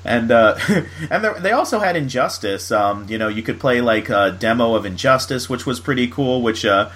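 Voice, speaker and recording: A man's voice: medium pitch, animated, normal speed, a bit bright. Chatty man from Florida, easygoing host. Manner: chatty, full of fillers and laughs. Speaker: podcast host. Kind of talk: casual chat.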